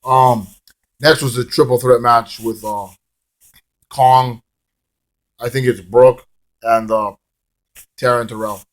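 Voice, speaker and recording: A man's voice: mid-range voice, steady tone, slow pace, pauses often. A man casually reviewing a wrestling show in a rambling, swear-laced manner, drifting into hummed song bits.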